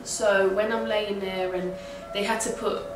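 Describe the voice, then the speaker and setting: Animated woman telling a birth story. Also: medium pitch, unhurried, background noise. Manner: animated, swearing, slangy retelling. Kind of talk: casual storytelling. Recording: echoey room heard from a distance.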